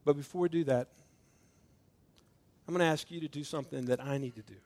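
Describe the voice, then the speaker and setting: A middle-aged man preaches at a communion service, his voice sitting a little higher than most men's. He pushes hard on key points, then drops to a near hush, and acts out the voices in his stories. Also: a little fast. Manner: swings from loud emphatic preaching to hushed intimate tones; storytelling with acted-out dialogue. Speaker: pastor. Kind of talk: communion sermon.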